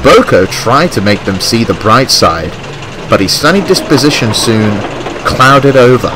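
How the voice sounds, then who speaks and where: Animated male storybook narrator. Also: medium pitch, unhurried, background noise. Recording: music playing behind.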